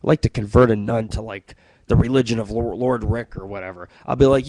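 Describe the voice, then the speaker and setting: A man's voice: on the low side, steady tone, a little fast, a little mellow, no echo, low-quality recording. A man hosting his own radio show, telling stories and jokes in a profane, rambling, boastful monologue.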